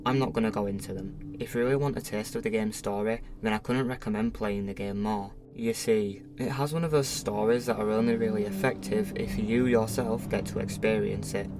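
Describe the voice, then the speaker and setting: A man hosting a game review channel, reading a scripted review in a measured way with a slight lisp from a dental appliance. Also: fairly low pitch, fairly even intonation, noisy background. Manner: measured, read-from-script delivery.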